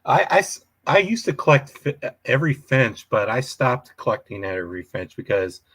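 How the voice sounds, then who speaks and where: A man's voice: mid-range voice, big pitch swings, normal speed, a bit bright, breathy edge, dry recording. A man hosting a casual live chat from home, rambling and chuckling often. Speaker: livestream host.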